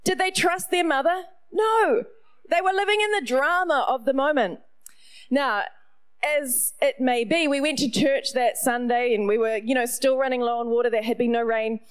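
Woman, New Zealand accent, middle-aged, high voice, pastor, animated sermon storytelling. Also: moderate pace, clean tone. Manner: animated, playful storyteller with asides.

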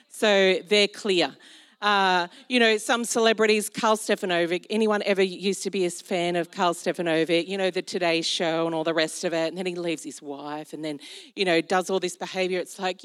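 A middle-aged woman preaching a sermon as pastor, animated, telling stories with acted-out asides. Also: medium pitch, normal speed.

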